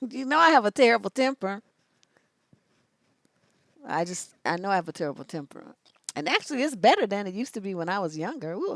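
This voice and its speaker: A woman relationship coach giving casual live-stream advice, sassy and animated, laughing often as she talks. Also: fairly low pitch, no room sound, clean studio sound.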